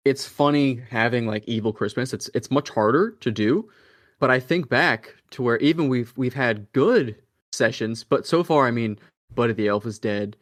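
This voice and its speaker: A man co-hosting a podcast in casual chat, reflective and storytelling. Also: medium pitch. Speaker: podcast co-host.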